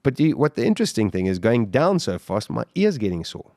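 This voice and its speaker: A man, a podcast guest, telling his survival story in an animated way, full of restarts and repeated words. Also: medium pitch, fairly quick, dry recording, studio quality. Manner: vivid, animated retelling with restarts. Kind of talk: interview storytelling.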